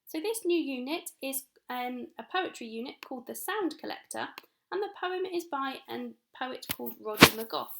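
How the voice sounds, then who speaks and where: An English woman teacher with a high, bright voice and a gravelly edge. She talks young children through their lessons, upbeat and encouraging, clear and slow when she explains. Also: lively intonation. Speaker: primary school teacher. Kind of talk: recorded home-learning lesson for young children.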